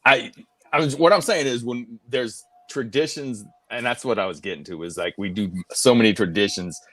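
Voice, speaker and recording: A man's voice: mid-range voice, normal speed, a bit bright, dry recording. A man on a talk panel, hesitant and restarting his sentences as he explains himself. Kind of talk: casual panel chat.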